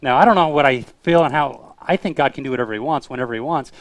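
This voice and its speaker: A man's voice: mid-range voice, fast, dry recording. A man co-hosting a casual talk show, telling anecdotes and acting out the people in them. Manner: animated storyteller who acts out voices in his stories. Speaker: co-host of a street evangelism web show.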